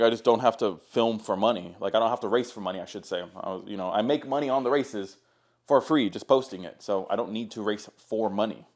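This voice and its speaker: A young man, a car content creator, telling stories to camera in a casual, rambling, profane way. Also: medium pitch. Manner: profane, laid-back, rambling.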